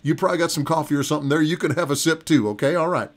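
A middle-aged man preaching a relaxed broadcast sermon, his voice sitting a little high for a man. He talks in a folksy, chatty way, repeating phrases and chuckling often. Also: rapid-fire. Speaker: pastor.

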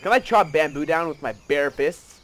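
An excitable man narrating his gameplay in a casual, rambling way, gasping at discoveries and poking fun at himself. His voice sits fairly high and swings widely in pitch. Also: normal speed. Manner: excitable, rambling, gasps and self-mocking asides. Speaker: let's play gamer.

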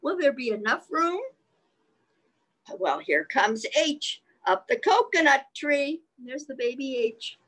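A woman reads a storybook aloud to small children at an unhurried pace, lingering on every line. Her voice sits a little high, and she slips in gentle questions to her young listeners between the pages. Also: sing-song, poor audio. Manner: slow sing-song reading, stops to ask the listening children questions. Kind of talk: reading a picture book aloud to young children.

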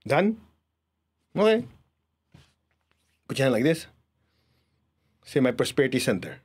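Husky-voiced man leading a group exercise. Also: medium pitch, big pitch swings, moderate pace, pauses often. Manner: instructive, leads the audience through exercises. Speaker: energy healing teacher. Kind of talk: guided group lesson.

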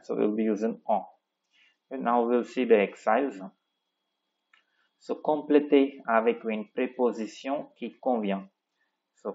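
A man's voice: on the low side, a little mellow, lo-fi sound. A male French teacher explaining grammar step by step in a patient classroom manner, often checking in with the listener.

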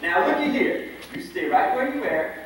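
An actor playing a cocky cheerful cowboy. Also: male voice, high voice, sing-song, moderate pace, fairly bright tone, a little hiss or hum. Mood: warm courting. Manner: boisterous, joking, swoops up on exclamations. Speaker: stage actor. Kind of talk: amateur stage musical acting. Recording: echoey stage hall, far-off mic.

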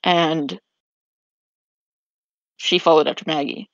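A woman's voice: sits low, steady tone, slow pace, no room sound. A woman casually recapping a tabletop game on a podcast, rambling and restarting sentences as she remembers. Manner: rambling, restarts sentences while recalling events. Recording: slightly muffled dry recording.

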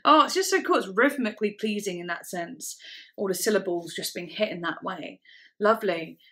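A woman's voice: medium pitch, lively intonation, moderate pace, pushed and bright. A woman hosting a music reaction video, chatting casually and enthusiastically, often saying "like" as she explains singing technique. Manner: enthusiastic, many "like" fillers, breaks down singing technique. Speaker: music reaction channel host. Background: faint music playing.

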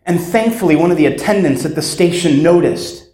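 Keynote speaker, male, slightly high voice, dramatic storyteller, echoey hall. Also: mellow. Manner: dramatic storyteller, acts out sounds and voices, slows for emphasis. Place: conference hall.

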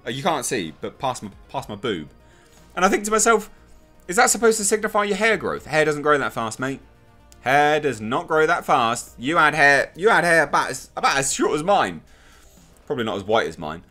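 A man's voice: a little high, very animated, a little fast, sharp tone, soft background music. A man giving a blunt, sarcastic, rambling spoken review of a TV episode. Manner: blunt, sarcastic, filler-heavy rant.

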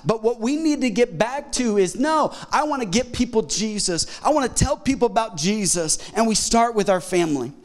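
In a church auditorium, a middle-aged male pastor with a notably high voice gives a sermon. He's animated and slips into quick voices for those he quotes.

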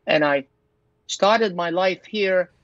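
A man's voice: high voice, slow, fairly bright tone, no room sound. An older man, a pastor and doctor, telling his personal testimony as an interview guest in an earnest, storytelling way. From Lebanon. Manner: earnest storyteller, acts out his own quoted thoughts. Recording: dull, dry lo-fi recording.

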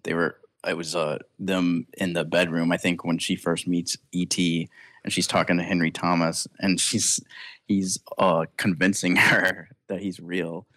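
Deep-voiced man chatting about movies. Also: flat delivery, a little slow, fairly bright tone, no room sound. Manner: laughs often, enthusiastic. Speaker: podcast host. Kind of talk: casual film discussion.

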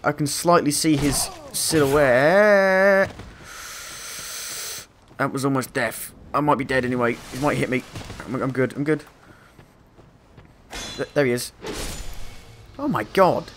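A man commentating a game playthrough, excitable and swearing, quick to panic and laugh at himself. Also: mid-range voice, a little hiss or hum. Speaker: gameplay commentator. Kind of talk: let's play commentary.

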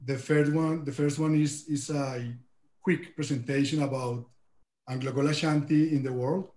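A man from Colombia with a Colombian Spanish accent, giving a careful, halting webinar presentation over a video call with many repeated words. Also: on the high side, fairly even intonation, mellow, echoey room. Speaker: guest speaker.

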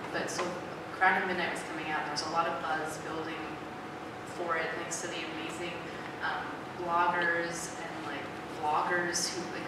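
A woman's voice: on the low side, very noisy. Chatty woman heard from far off in an echoey hall. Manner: chatty and candid, with many fillers and restarts; openly emotional, close to tears at times. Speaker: author speaking at a book event. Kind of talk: casual talk to a live audience. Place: large indoor event hall. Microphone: filmed from far off in the audience. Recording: distant echoey hall with loud ambience.

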